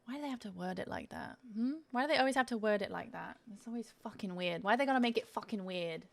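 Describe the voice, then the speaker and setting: A woman's voice: medium pitch, fast, gravelly. A woman streamer chatting casually while she tastes snacks on a live stream, self-mocking and swearing freely.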